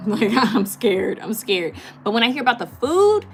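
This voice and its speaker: A woman's voice: a little high, big pitch swings, soft background music. A woman from California hosting a live stream, chatting casually and giggling as she answers viewer comments. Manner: chatty, giggly, with many fillers and quick repeats.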